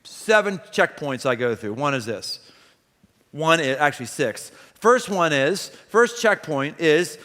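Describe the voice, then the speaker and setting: A man preaching a sermon as pastor, emphatic and building to loud repeated exclamations in a church auditorium. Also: a little high, expressive, unhurried, big-room sound.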